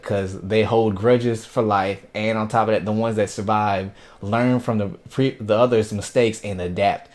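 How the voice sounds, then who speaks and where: A man casually recapping an anime episode, retelling scenes in an animated way with quoted lines and sound effects. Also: fairly low pitch. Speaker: anime reviewer.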